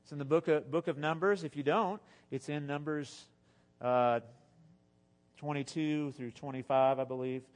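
Animated, joking preacher man. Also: fairly high pitch, normal speed. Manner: animated, exhorting, with joking asides. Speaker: pastor. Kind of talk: sermon.

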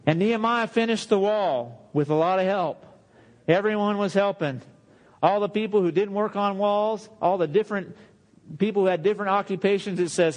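A man with a high-pitched voice preaching a sermon. He keeps it conversational, acting out the quoted voices and laughing often. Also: a little fast.

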